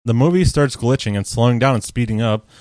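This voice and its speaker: Podcast co-host, male, dry close-mic sound, recapping a movie casually with a deadpan joking tone. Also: medium pitch, fast, dry recording. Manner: recaps the plot with deadpan jokes and laughs.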